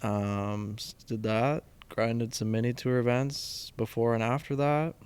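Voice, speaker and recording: A young man chats easily as a podcast guest. He is self-deprecating and unhurried, with a mid-range voice. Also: medium pitch, steady tone, a little mellow, clear, resonant tone. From Canada. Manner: laid-back, self-deprecating. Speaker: professional golfer guest. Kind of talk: casual interview chat.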